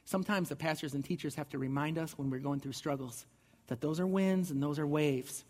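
Man, pastor, sermon, high voice, casual restarts, long hall echo. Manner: conversational preaching with repeated restarts.

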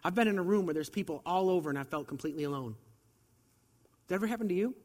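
A man's voice: sits high, lively intonation, racing, a little mellow, big-room sound. A man preaching a sermon in a conversational way, asking the audience rhetorical questions, and he has a slight cold.

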